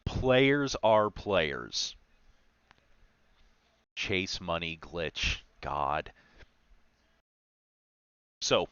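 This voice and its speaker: A man with a smooth, lowish voice talks casually on a livestream, spinning stories with wry asides as a game master. The sound is dry and close, with no room around it. It comes through dull and lo-fi. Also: a bit bright, no echo. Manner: chatty, storytelling, wry asides. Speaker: game master streaming a talk on game design.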